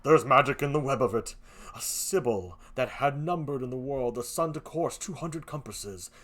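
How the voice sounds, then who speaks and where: A man reading jealous commanding nobleman, amateur play reading, mid pitch, lively pitch. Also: normal speed. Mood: grave. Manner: reads verse aloud, swings between low menace and loud demands.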